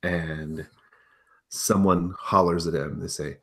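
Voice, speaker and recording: A man's voice: low voice, expressive, moderate pace, breathy edge. A man narrating as game master of a tabletop role-playing game, talking with many hesitant fillers.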